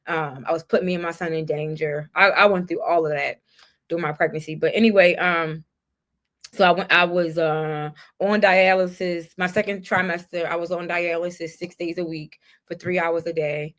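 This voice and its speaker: Candid woman telling her story, lower voice. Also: fairly even intonation, moderate pace, fairly bright tone. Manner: candid, heartfelt, reflective. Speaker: podcast guest. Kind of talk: personal storytelling in a conversation.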